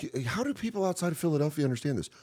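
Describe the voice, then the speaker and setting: A man, a guest comedian, chatting casually on a podcast and acting out shouting fans as he tells stories. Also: a little high, very fast, breathy edge. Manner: animated storyteller who acts out shouting fans.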